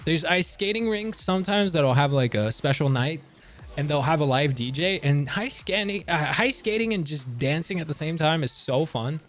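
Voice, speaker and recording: A young man from Canada talking casually on a livestream, reading and answering chat with animated, joking surprise. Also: on the high side, moderate pace, faint music behind. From Canada, near Montreal. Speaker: livestream streamer.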